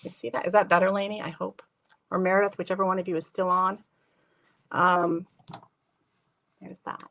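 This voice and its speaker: A woman's voice: fairly low pitch, level tone, moderate pace, creaky, fairly bright tone. A woman hosting a live craft stream from her home craft room, chatting to viewers by name while she works. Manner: chatty, laughs often, talks to viewers by name. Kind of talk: casual live craft demo chat.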